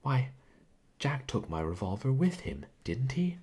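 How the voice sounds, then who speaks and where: A man's voice: medium pitch, sing-song, a little slow, warm tone, slightly rough, pitched above the performer's own voice. A man reading aloud voices a stern, guarded young man who turns agitated under pressure in a storybook. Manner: stern, clipped.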